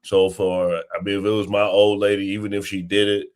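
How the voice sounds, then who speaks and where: A man who is a father, giving his views on a casual podcast panel in a measured way. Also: on the low side, level tone, darkish tone.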